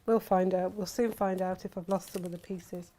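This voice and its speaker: A lowish, dark, steady voice at a moderate pace belongs to a woman hosting a crafting workshop. She sews while chatting and telling stories, laughing often, against slight background noise.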